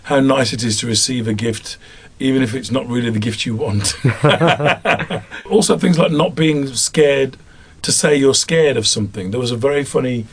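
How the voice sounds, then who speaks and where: A man's voice: mid-range voice, moderate pace, breathy edge. A man with a Black Country accent from the English Midlands, a voice actor chatting about his work in an interview and often laughing at himself. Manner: chatty and self-amused, laughs easily. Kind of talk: interview answers.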